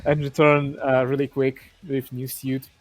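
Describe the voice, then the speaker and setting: A man playing in a tabletop game, hesitantly describing his turn with halting fillers. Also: mid-range voice, little pitch movement, soft background music. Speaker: player.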